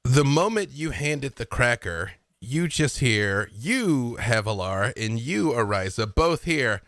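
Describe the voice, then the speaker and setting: A man narrating as dungeon master of a live tabletop game, animated and laughing as he slips into character voices. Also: medium pitch, unhurried, few pauses, no echo, clean studio sound.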